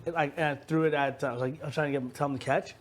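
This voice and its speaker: A man's voice: on the high side, rapid-fire, slight background noise. A young man casually telling a story, acting out other people's voices and peppering his talk with "bro" and "like". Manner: animated, acts out voices, says "bro" and "like" a lot. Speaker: houseguest.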